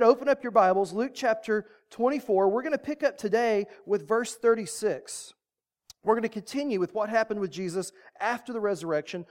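Relaxed, joking preacher who teaches from scripture in a chatty way. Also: mid-range voice. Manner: casual, joking, conversational. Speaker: pastor. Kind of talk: sermon with Bible reading.

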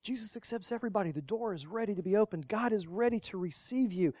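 A pastor preaching a sermon, rising to loud emphatic lines and dropping to quiet, low asides, repeating key phrases. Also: fast talker, no echo.

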